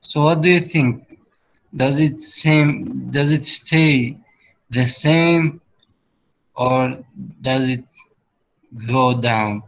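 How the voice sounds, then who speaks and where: Man, English teacher, slow halting speech, muffled sound. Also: mid-range voice. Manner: slow, halting explanations, switching to Arabic. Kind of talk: online class lesson.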